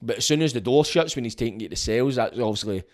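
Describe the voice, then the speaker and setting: A man's voice: mid-range voice, animated, fast. Blunt, profane Scottish man. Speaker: vlogger giving prison advice. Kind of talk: casual monologue.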